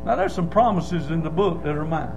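A man preaching a Baptist sermon, hollering and swinging from low asides to loud shouts. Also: animated, a little fast, vocal fry, a little hiss or hum, low-quality recording. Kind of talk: fiery sermon. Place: church.

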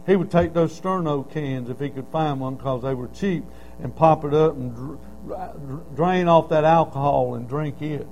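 A man's voice: fairly high pitch, normal speed, a little mellow, highs cut off, a little hiss or hum. A middle-aged man preaching a sermon, telling stories in a folksy way and building to emphatic cries.

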